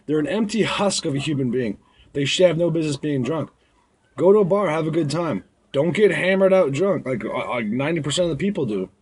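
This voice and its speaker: A young man who works as a bar bouncer, telling stories in a blunt, rambling way and acting out drunk patrons. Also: on the high side. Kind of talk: casual storytelling vlog.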